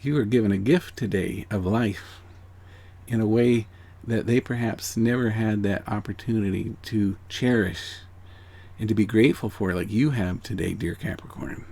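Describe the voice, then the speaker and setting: A man's voice: lowish voice, moderate pace. A man giving a heartfelt spiritual reading to viewers, earnest and encouraging, who often checks in with "okay?". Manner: earnest, encouraging, drops to hushed near-whispers then rises to excited emphasis; repeats phrases and checks in with "okay?". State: emotional. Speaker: angel card reader.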